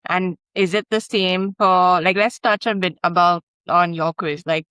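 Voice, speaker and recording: A woman's voice: lowish voice, fairly even intonation, unhurried, smooth, no room sound, rough recording. A woman talking in a casual conversation, thoughtful and searching, often saying "like" as she works out her thoughts. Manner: thoughtful and searching, lots of "like" fillers, soft laughs.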